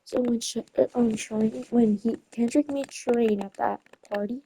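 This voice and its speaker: A woman's voice: a little high, steady tone, normal speed, mellow, slight background noise, poor audio. A young woman chatting casually while gaming, rambling through a story and often correcting herself and losing her place. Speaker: gamer retelling a story.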